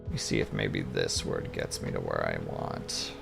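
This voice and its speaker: A man's voice: very deep voice, fairly even intonation, normal speed, gravelly, music in the background. A man streaming live, chatting casually and rambling to his chat.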